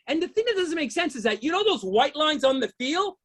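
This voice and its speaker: A man's voice: very high voice, sing-song, brisk, fairly bright tone. A man doing a stand-up routine, ranting in exasperation, swearing often and keeps asking the crowd if they know what he means. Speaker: stand-up comedian.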